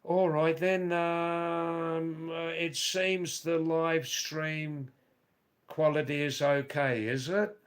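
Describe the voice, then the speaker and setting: A man hosting a live stream, reading out viewers' chat comments and answering them in a slow, rambling way with dry teasing asides. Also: fairly high pitch, flat delivery. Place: Nepal or India.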